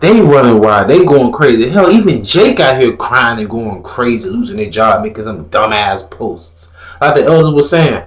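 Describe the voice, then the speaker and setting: A man's voice: medium pitch, expressive, normal speed, echoey room. A man giving blunt, profane religious commentary in a fiery, preachy manner, mocking others in put-on voices.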